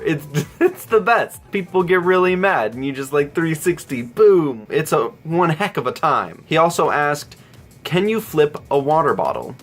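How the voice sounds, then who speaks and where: Joking young man answering viewer questions. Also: on the high side. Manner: joking, self-deprecating. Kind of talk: casual Q&A vlog.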